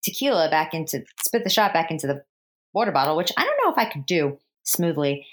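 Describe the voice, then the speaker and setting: A woman's voice: low-pitched, a little fast. A woman in casual chat, animatedly retelling a film's plot and acting out the characters' lines. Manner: animated storyteller, acts out characters' lines in voices. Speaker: podcast co-host retelling a film.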